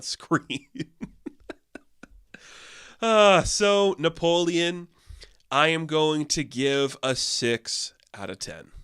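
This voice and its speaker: A man casually reviewing a movie, loose and profane, full of "like" fillers, jumping up in pitch when incredulous. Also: fairly bright tone, smooth, no room sound, clean studio sound.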